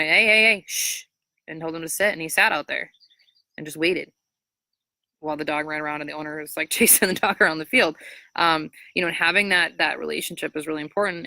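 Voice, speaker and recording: A woman trainer from Minnesota talks through puppy questions in a loose, chatty way, full of ums and likes. Her voice sits low but has a bright edge. The sound is dry and close. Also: creaky, no room sound. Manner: chatty, frequent fillers, animated high-pitched voice when quoting praise to dogs. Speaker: dog trainer. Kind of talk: casual advice Q&A.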